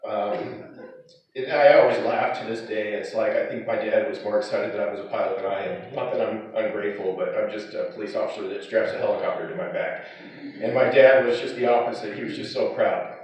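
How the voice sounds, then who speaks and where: A man's voice: lowish voice, darkish tone. Middle aged guy doing a eulogy for his dad, laughing thru stories, far off mic, muffled sound. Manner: fond storytelling broken by chuckles. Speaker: son giving a eulogy. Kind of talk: eulogy with personal anecdotes. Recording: echoey hall, distant, dull.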